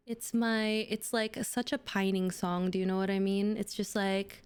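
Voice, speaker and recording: A woman's voice: medium pitch, fairly even intonation, normal speed, few pauses, darkish tone, clear, resonant tone. A young adult woman livestreaming, chatting casually and gushing to her viewers, full of fillers. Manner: bubbly, gushing, filler-heavy. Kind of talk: casual stream chat with viewers.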